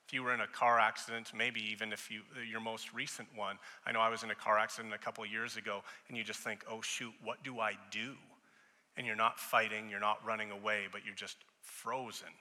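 A man in his thirties preaching a sermon as pastor in a church, talking in a conversational way, acting out the voices he quotes and growing loud when he tells stories. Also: fairly low pitch, flat delivery, fast, few pauses. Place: church sanctuary. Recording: long hall reverb.

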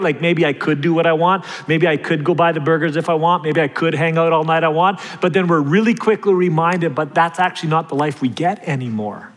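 A middle-aged man, a pastor, giving a sermon full of personal stories, told in a casual, self-deprecating way. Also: on the high side. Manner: conversational, self-deprecating storytelling with laughs. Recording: long hall reverb.

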